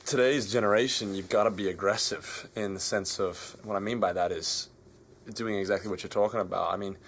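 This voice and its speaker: A man's voice: on the low side, fairly even intonation, brisk, fairly bright tone, slight background noise. An Australian man, a musician guest, speaking earnestly and repeating his points in a casual interview. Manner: earnest, fervent, repeats phrases.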